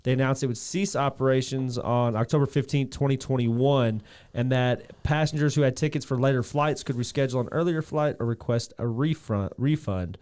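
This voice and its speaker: A man's voice: mid-range voice, moderate pace, a little mellow, clean tone. A man co-hosting a podcast, cracking jokes and loosely reading out background facts in casual chat. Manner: jokey, reads out trivia loosely. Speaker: podcast co-host.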